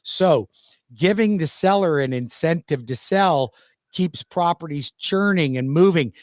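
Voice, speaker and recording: A man's voice: fairly high pitch, animated, unhurried, darkish tone, dry recording, studio quality. A man co-hosting a casual mortgage discussion, explaining points emphatically and with confidence.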